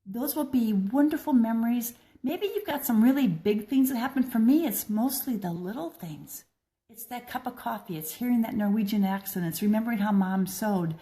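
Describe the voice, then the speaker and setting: Older woman, warm and soft-toned, sincere, unpolished personal talk with restarts. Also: fairly high pitch, moderate pace. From American Midwest. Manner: gentle, earnest, with frequent restarts. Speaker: blogger and speaker.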